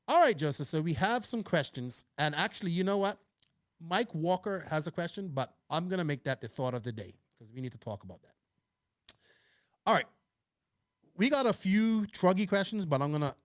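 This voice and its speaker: An upbeat man hosts a casual podcast, chatting loosely and reading listener questions aloud. His voice sits a bit high. The sound is dry and close, with no room around it. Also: no echo. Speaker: podcast host.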